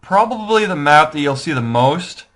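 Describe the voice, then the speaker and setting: A man with a fairly high, a bit bright voice and lively intonation speaks at a normal speed. He's hosting a casual gameplay tutorial for a strategy game, drifting from point to point and self-deprecatingly second-guessing his moves.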